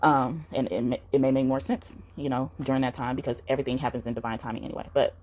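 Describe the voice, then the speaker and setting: A woman with a low voice talks earnestly through a spiritual tarot reading. She rambles and restarts her sentences, filling gaps with "um" and "you know". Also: fairly even intonation, fast talker, a little mellow. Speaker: tarot reader.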